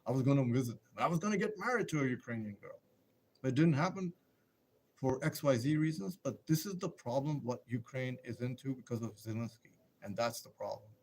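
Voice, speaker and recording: A man's voice: medium pitch, a little fast, a little hiss or hum. A man hosting a casual live stream, rambling and emphatic, firing off rhetorical questions and answering viewer comments.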